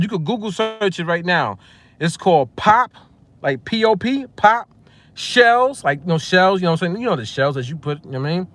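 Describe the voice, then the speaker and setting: A man, telling a story casually to camera, animated, repeating phrases and chuckling often. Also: high-pitched, no echo. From Long Island, New York. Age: 40s. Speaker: music producer and vlogger.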